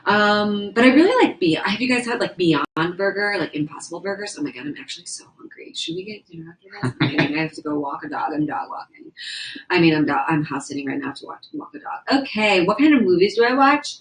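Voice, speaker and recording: A woman's voice: mid-range voice, sing-song, quick pace, slight background noise, poor audio. A young woman livestreaming, chatting casually and rambling as she reads viewer comments aloud from indoors. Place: indoors at a house.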